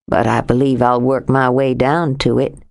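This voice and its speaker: A deep, drawling young man, stubborn and tender by turns, voiced by a woman reading an audiobook. He keeps his words low and coaxing, set well below the narrator's own voice. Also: flat delivery, moderate pace, gravelly, a little mellow.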